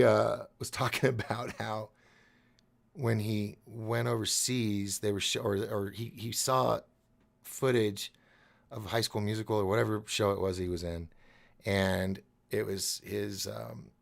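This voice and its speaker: Gravelly low-voiced man live-streaming. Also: level tone, a little slow. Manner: rambling, restarts, thinks aloud. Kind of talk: casual live-stream chat reading comments.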